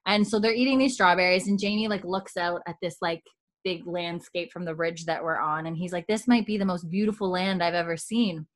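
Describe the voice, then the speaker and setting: A woman with a lowish voice and fairly even intonation speaks fairly quickly as she co-hosts a podcast. She casually recaps scenes, quoting the characters, and she's chatty and giggly throughout.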